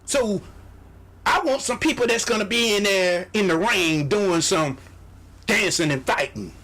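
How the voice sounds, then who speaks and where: A man's voice: high-pitched, animated, a little slow, pushed and bright. A man hosting a radio show, giving a motivational sales pep talk, exhorting his listeners, repeating phrases and mimicking doubters.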